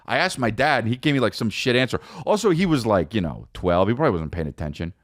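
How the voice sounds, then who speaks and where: A man's voice: lowish voice, lively intonation, fast, no room sound, studio quality. A man in his forties hosting a podcast, rambling through a comedic monologue and slipping into silly voices. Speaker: podcast host.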